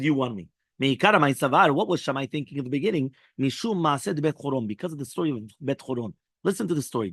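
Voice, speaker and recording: A male rabbi giving a daily Talmud lesson, animated and acting out the characters' lines as he explains. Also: fairly high pitch, no room sound, clean studio sound.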